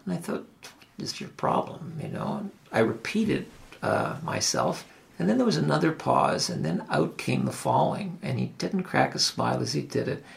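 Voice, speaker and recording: A man's voice: mid-range voice, huge pitch swings, moderate pace, creaky. An older man with an Ottawa Valley accent, hosting a local talk show and telling stories in a rambling, reflective way with restarts and asides. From Ottawa Valley, Canada. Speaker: host. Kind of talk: reflective conversational storytelling.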